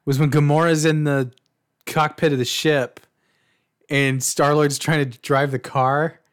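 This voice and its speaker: A young man co-hosting a casual movie review podcast, animated and swearing freely, retelling scenes with quoted lines. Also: on the high side, unhurried, smooth. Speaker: podcast co-host.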